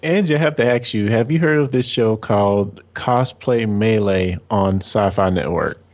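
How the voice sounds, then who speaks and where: A man co-hosting a podcast, excitable and self-deprecating in casual chat. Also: on the low side, normal speed. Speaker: podcast co-host. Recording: dull lo-fi audio.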